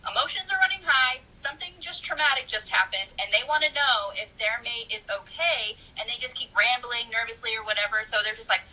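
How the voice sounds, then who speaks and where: Animated husky woman chatting about books. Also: a little high, a little fast, few pauses, low-quality recording. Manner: animated, laughs often, acts out her own reactions. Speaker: book discussion co-host. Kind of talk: casual book chat.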